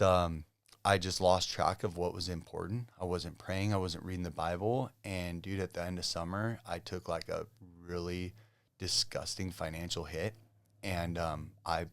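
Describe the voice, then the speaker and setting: Low-voiced laid-back California man. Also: fairly even intonation, normal speed, no room sound. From Southern California. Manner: laid-back, full of "dude", "bro" and "like". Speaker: podcast guest. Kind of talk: casual testimony chat.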